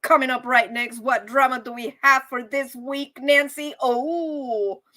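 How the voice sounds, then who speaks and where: A woman hosts a casual live stream, talking in an animated, chatty way and calling her viewers y'all. Her voice sits high and sounds bright. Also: unhurried.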